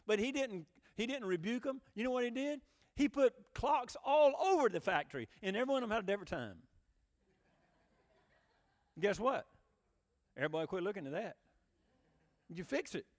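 A man preaching a sermon in a conversational, emphatic way, often asking the listeners direct questions. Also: high voice. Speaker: pastor.

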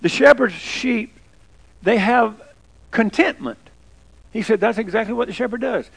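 A man's voice: sits high, a little slow, creaky, breathy edge. An older man preaching a folksy sermon, chatting with the congregation and asking them questions. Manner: conversational, asks the congregation questions.

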